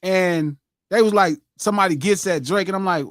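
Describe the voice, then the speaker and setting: A man co-hosting a livestream podcast in casual chat, animated and profane, laughing often and mimicking other voices as he talks. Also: high voice, moderate pace, dry recording, clean studio sound. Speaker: podcast co-host.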